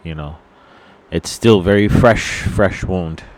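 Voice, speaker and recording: A man speaking in an unscripted personal monologue, solemn and earnest, halting often with fillers and restarts. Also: low-pitched. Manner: earnest, sorrowful. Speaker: vlogger.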